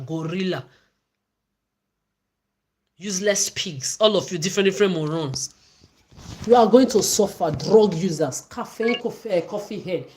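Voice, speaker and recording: A woman's voice: mid-range voice, a bit bright. A woman delivering an angry, accusatory livestream rant, repeating herself as she goes. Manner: ranting, accusatory, repetitive.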